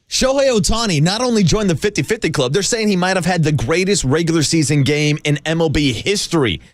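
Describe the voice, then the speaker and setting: A man trading teasing, hyped takes on a sports radio show. His voice sits a little high for a man. The sound is dry and close to the mic. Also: dry recording. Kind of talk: casual sports radio banter.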